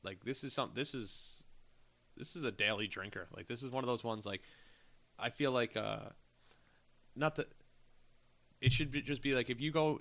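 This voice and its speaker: A man with a bright, forceful voice hosts a casual beer podcast. He muses aloud in an easygoing, rambling manner. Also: mid-range voice. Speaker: podcast host. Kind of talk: casual chat.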